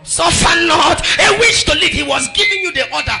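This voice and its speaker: High, sing-song preacher man. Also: lively intonation, normal speed, creaky, hardly any pauses, faint music behind. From Nigeria. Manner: sing-song preaching, swinging from shouting to hushed. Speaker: pastor. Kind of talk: sermon.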